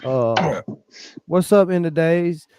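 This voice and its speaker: A man hosting a casual livestream chat, laid-back and halting, with lots of fillers. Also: fairly high pitch, lively intonation, noisy background. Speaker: stream host. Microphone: remote stream call.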